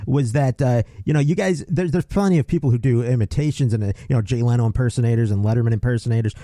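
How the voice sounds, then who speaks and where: Male host, relaxed loose questioner, mid-pitched mellow voice. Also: fast, dry recording, clean studio sound. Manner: relaxed questioner, many fillers and laughs. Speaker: podcast host. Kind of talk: casual interview.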